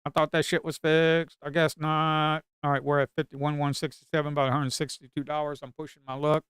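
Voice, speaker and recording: Male trader streaming live, mutters, repeats himself, curses; smooth, close, dry sound. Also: on the high side, level tone, a little fast, a bit bright, dry recording. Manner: talks to himself and viewers, repeats phrases, swears. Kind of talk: live trading commentary.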